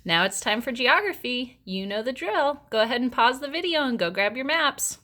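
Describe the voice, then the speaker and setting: A woman presenting a lesson, reading scripted prompts in a clear, instructive way. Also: high voice, expressive, moderate pace, bright, forceful tone.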